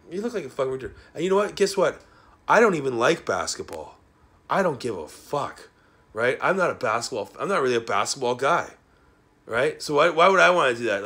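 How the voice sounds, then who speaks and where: A man delivering a rambling, profane monologue that swings between loud outbursts and low mutters, ending sentences with "man.". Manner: profane, rambling, tags "man" onto nearly every sentence.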